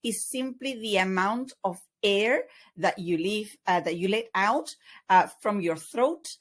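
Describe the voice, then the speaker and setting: Woman teaching a relaxed language lesson. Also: mid-range voice, measured pace. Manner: patient, explanatory, many fillers. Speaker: Spanish teacher. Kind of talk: online language lesson with slides.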